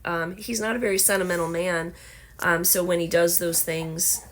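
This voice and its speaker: A woman's voice: lowish voice, steady tone, moderate pace. Chatty Southern woman with a scratchy voice. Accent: Southern American. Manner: chatty, rambling with many fillers. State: hoarse. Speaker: vlogger. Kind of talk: casual chat to camera. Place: home, indoors.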